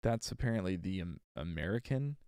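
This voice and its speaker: A man's voice: low-pitched, animated, darkish tone, smooth, no room sound, studio quality. A man recording an audiobook on a livestream, reading with retakes and chatting with exasperated asides in between. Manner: reads slowly with retakes, chats with exasperated asides. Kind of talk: casual livestream chat between reading takes.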